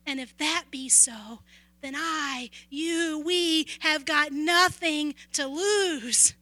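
A woman preacher with a high, very bright and keen voice, recorded close and dry with no room sound. She tells stories in an earnest way and sometimes drops to a near whisper to stress a point. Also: takes it slowly, no echo. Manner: earnest storytelling, dropping to a hush at key moments. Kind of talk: sermon with personal stories.

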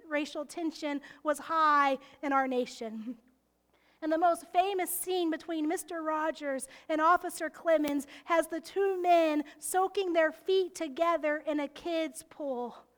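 A woman preaching a sermon, earnest and heartfelt, often dropping into soft whispers. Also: very high-pitched. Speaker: pastor.

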